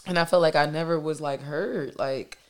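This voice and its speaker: A woman in her thirties hosting a solo podcast from her dining room table at home, talking loudly and candidly with lots of filler and swearing. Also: low-pitched, normal speed. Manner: loud and boisterous, candid, profane, filler-heavy. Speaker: podcast host. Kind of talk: casual solo podcast monologue.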